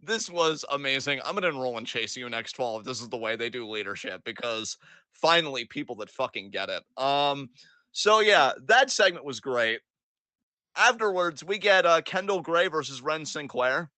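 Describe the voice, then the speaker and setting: Excitable, foul-mouthed man recapping wrestling. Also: medium pitch, moderate pace, dry recording. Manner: excitable, profane, gleeful, acts out quotes. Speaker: podcast co-host. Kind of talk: casual wrestling recap chat.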